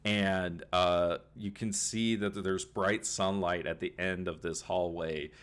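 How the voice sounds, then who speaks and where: A man's voice: low voice, steady tone, slow, fairly bright tone, clean tone. A man narrating a tabletop game as game master, rambling with many fillers, on a home computer mic.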